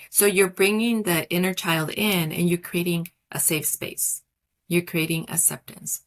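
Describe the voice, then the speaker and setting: Woman wellness coach, lowish voice; soft, affirming, unhurried delivery for podcast guidance. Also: steady tone. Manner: soft, slow, affirming cadence with repetition. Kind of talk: guided reflection and coaching talk.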